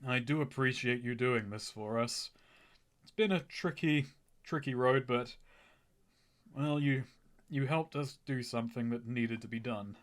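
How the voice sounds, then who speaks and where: Male player, mid pitch, speaks in character with measured, formal politeness. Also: a bit bright. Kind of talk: in-character tabletop role-play.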